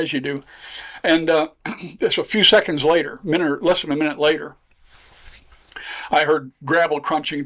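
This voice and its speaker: Older Michigan man, guest storyteller; folksy, rambling delivery, pitched a bit high. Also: a bit bright. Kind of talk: casual storytelling.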